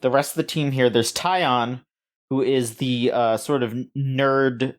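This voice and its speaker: A man co-hosting a casual gaming news podcast, rambling and halting with frequent restarts and fillers. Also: medium pitch, fairly even intonation. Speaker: podcast co-host.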